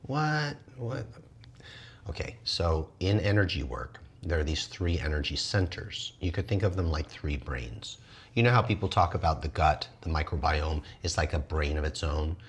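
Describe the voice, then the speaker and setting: A man teaching energy arts in an animated, lively way, often jumping into high playful voices for the people he quotes. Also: normal speed, breathy edge. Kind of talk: animated wellness talk.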